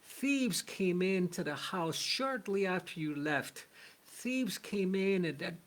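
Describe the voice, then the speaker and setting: A man's voice: high-pitched, lively intonation, takes it slowly. A man voicing a loyal male house servant who earnestly relays news in a told story.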